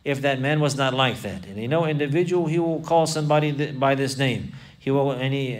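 A man's voice: medium pitch, normal speed, recorded from a distance. A man teaching a religious class, repeating phrases and quoting Arabic texts, then explaining them. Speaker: Islamic teacher. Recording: voice from away from the mic.

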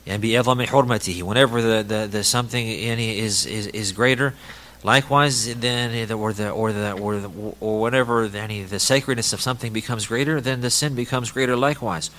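A man's voice: on the low side, steady tone, fairly quick, fairly bright tone. Man teaching a religious text. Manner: reads passages in Arabic, then translates and explains with many repetitions.

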